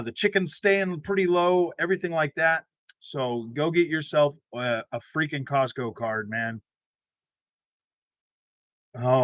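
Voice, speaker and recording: Young guy on his gaming stream, kinda high voice, rambling, says man and dude a lot, dry close mic. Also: a bit bright, no echo. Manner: rambling, loose speech full of "man" and "dude", laughs often. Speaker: gaming channel host. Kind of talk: casual livestream chat.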